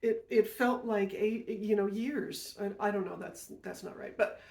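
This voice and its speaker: A woman's voice: medium pitch, a little slow, creaky, a little mellow. A woman podcast host telling a personal story in a casual, rambling way, often correcting herself and going off on asides. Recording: roomy echo.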